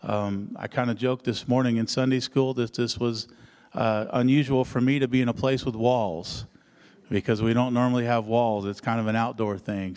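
A man, an associate pastor, introducing a guest preacher with halting, earnest words. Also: medium pitch, a little mellow, clean tone. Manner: halting, filler-heavy, earnest. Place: church hall. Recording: echoey church hall.

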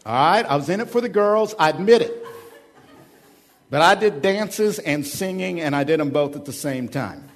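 Animated preacher, slightly high voice. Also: male voice, normal speed. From Oklahoma. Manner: swings from hushed to loud and animated, joking. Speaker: pastor. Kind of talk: sermon.

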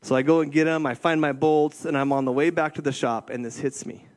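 A man's voice: on the high side, steady tone, brisk. A middle-aged man giving a conversational sermon as a youth ministry director, often checking in with his listeners. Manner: conversational, keeps checking in with "right?". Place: church room with an audience.

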